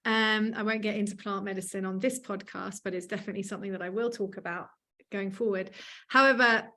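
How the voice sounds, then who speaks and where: A woman hosting a podcast, telling stories in a lively, animated way. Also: medium pitch, a little fast. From Australia. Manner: animated storytelling, acts out quoted voices. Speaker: podcast host. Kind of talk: casual podcast chat.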